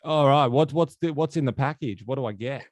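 A man's voice: mid-range voice, a little fast, no echo. A man hosting a casual interview, joking and laughing often. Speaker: host.

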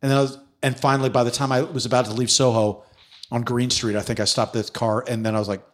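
A former police detective from New York City, middle-aged, animatedly narrates a story in a relaxed interview, voicing the quotes himself and swearing freely. His voice is medium-pitched and he talks fast.

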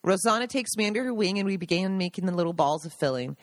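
A woman's voice: medium pitch, animated, fast, no echo. Woman reading her own book aloud. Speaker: podcast host.

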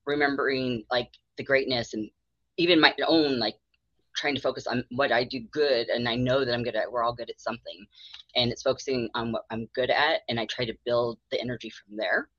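A woman therapist with a very low, bright voice talks in a chatty, rambling way, acting out her own thoughts with a laugh. The sound is dry and a bit muffled. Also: brisk, dry recording. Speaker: mental health therapist, guest. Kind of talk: candid podcast interview.

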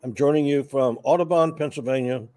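Older male guest with a faint Southern accent; mellow, dry close mic, wry and easygoing. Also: medium pitch, a little fast, no echo. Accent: slight Southern. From Charleston, South Carolina. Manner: warm, wry, self-deprecating humor. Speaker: guest, veteran. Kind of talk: casual interview storytelling.

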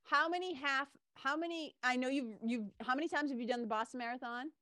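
Lively woman host telling a story. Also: high voice, a little fast, no room sound, clean studio sound. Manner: lively storyteller, swears casually. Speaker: podcast host. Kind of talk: casual interview chat.

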